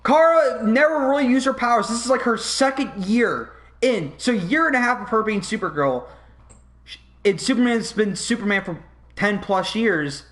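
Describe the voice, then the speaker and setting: A man's voice: high voice, lively intonation, normal speed, fairly bright tone. A man hosting a casual podcast, ranting in a heated way with plenty of swearing. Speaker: podcast host.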